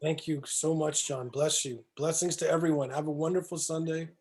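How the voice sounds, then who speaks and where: A man's voice: fairly high pitch, fairly even intonation, normal speed, darkish tone. A man taking part in the session thanks the coach and gives farewell blessings over a call. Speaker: participant.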